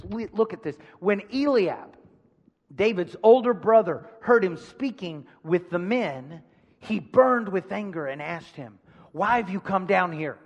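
A man's voice: high-pitched, long reverb tail, muffled recording. A male pastor preaching a sermon in a church, emphatic, repeating phrases and putting questions to the congregation. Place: church sanctuary.

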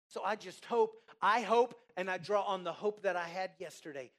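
In this sermon, a mid-range-voiced preacher uses emphatic, drawn-out phrasing that alternates between loud calls and hushed lines. Listeners are asked questions and prompted to repeat key words.

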